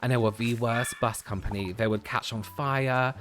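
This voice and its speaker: A man streams a game while chatting casually, rambling along and often bursting into laughter. His mid-range, somewhat bright voice keeps a fairly even intonation at a moderate pace, with faint music in the background.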